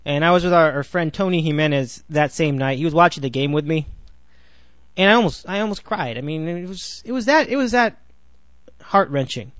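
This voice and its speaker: A man's voice: fairly high pitch, animated, a little fast, fairly bright tone, dry recording. A man in his twenties hosting a solo sports podcast, rambling with sarcastic asides and frequent self-corrections. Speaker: podcast host.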